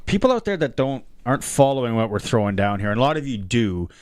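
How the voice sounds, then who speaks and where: A man's voice: medium pitch, very animated, no echo. A man hosts a sports talk radio show, chatty and loose, filling gaps with ums. His mid-range voice sounds dry and close in the studio. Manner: chatty, lots of ums and quick asides.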